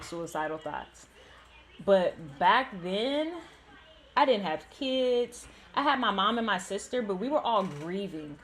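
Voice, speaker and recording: A woman's voice: medium pitch, a bit bright. A young woman, host of a gaming channel, telling a painful personal story candidly, with many "like" fillers.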